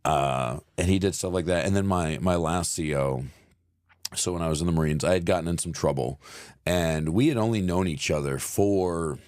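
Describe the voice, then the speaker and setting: A man in his thirties co-hosting a podcast, speaking in halting casual conversation, searching for words and swearing freely. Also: low-pitched, darkish tone, clear, resonant tone, no room sound, studio quality. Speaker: podcast co-host.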